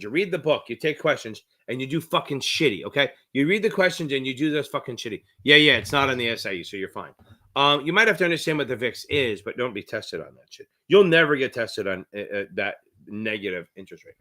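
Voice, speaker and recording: A middle-aged man with a New Jersey accent, tutoring on a live-stream Q&A in a rambling, profane, excitable way. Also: medium pitch, quick pace. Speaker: exam prep tutor.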